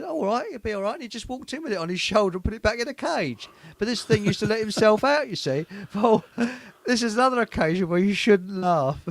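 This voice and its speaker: Man, high lively voice, giggly, rambling stories, dry close sound. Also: vocal fry, no echo. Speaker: show host. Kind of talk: casual chat.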